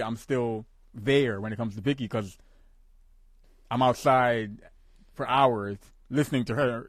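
A young adult man co-hosting a casual chat, speaking in a reflective, candid and measured way. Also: mid-range voice, no room sound, clean studio sound. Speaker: co-host.

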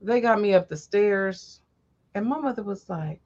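A woman telling animated, profane stories from her youth in a casual chat. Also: mid-range voice, quick pace. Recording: dull lo-fi audio.

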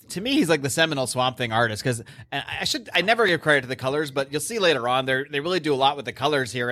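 A man's voice: mid-range voice, pushed and bright, no echo, clean studio sound. A man hosting a podcast, recapping a comic book issue in casual chat with many fillers and restarts. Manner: recaps plot animatedly, lots of fillers and restarts. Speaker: podcast host.

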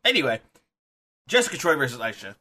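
A young man co-hosting a casual podcast, animated, laughing easily and often restarting his sentences. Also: mid-range voice, fast, slight background noise. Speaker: podcast co-host.

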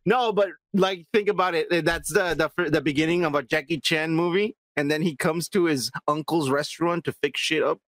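A man's voice: on the high side, normal speed, few pauses, fairly bright tone, no room sound. A man co-hosting a podcast, trading crude, laughing banter in casual chat. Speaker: podcast co-host.

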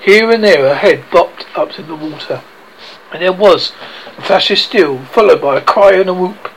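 A man's voice: sits high, moderate pace, gravelly, fairly bright tone, a little hiss or hum, poor audio. A man reading a children's novel aloud, often tripping over words and correcting himself. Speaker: reader.

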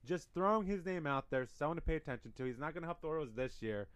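A man's voice: a little high, expressive, rapid-fire, a bit bright, smooth, no room sound. Man rattling off baseball stats, dry sound. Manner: stats-heavy, restarts sentences. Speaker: podcast co-host. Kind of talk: casual sports chat.

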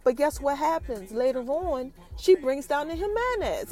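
A woman hosting a podcast, recapping an episode in an animated casual chat that talks straight to her listeners. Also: high-pitched, normal speed, few pauses. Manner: animated, addresses listeners directly as y'all. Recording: light background music.

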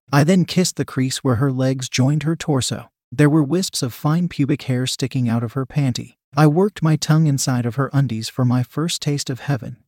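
A man steadily and evenly reads a first-person story aloud in a middling-pitched voice. The recording is dry and close, with no room echo.

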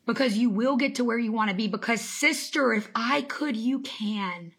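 Woman in her 30s, business coach, live motivational talk, emphatic and faith-infused, fairly high voice. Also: moderate pace, fairly bright tone, husky. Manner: emphatic, faith-infused, greets viewers by name. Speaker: business coach and podcast host.

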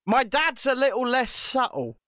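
A British man telling a story in casual, animated chat, swearing often. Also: extremely high pitch, moderate pace, no echo, studio quality. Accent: British English.

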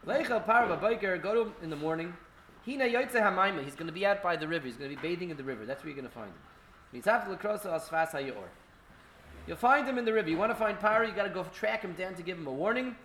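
A man's voice: high-pitched, lively intonation, quick pace, a bit bright, a little hiss or hum. A man teaching an informal Torah class at an indoor gathering, speaking in a conversational way full of fillers and restarts.

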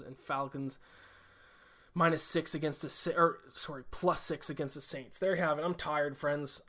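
A man hosting a casual solo podcast who talks quickly and rambles, with plenty of fillers and restarts. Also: fairly high pitch, fairly bright tone. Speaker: podcast host.

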